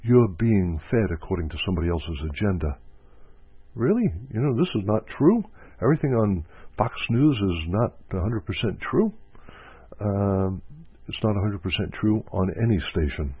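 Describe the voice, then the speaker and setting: Husky low-voiced man teaching, phone-like sound. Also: normal speed, dry recording. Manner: reflective, repeats phrases for emphasis. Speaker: spiritual teacher and counselor. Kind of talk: spiritual teaching talk. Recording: dry, phone-like narrow sound.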